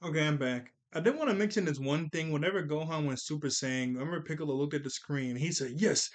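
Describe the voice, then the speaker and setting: Male host with a slightly high voice doing loose, excitable film commentary, quick to laugh. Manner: excitable, laughs often, stumbles over words. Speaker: channel host reacting to an anime film.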